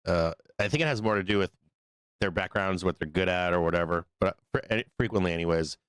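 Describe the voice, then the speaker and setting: Male host, deep and smooth but going hoarse from illness, loose rambling delivery with fillers. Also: fast talker, fairly bright tone, no echo. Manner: rambling, many fillers and restarts, hums to himself. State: losing his voice, still sick. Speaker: live stock market show host. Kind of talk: casual live-stream chat.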